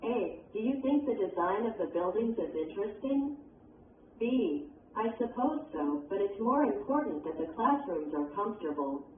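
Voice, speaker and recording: A woman reads English exercises and word lists aloud in a measured, teacherly way. Her voice comes through thin and phone-like, set back from the mic in an echoey space with a faint hum behind. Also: medium pitch, animated. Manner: measured, instructional. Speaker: textbook reader. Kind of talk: reading textbook exercises aloud. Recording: echoey, distant, tinny.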